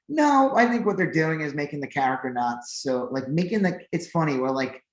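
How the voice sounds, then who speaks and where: A man's voice: fairly high pitch, a little fast, hardly any pauses. Rambling man in an echoey room. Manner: rambling, filler-heavy, animated when excited. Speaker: podcast co-host. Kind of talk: casual chat.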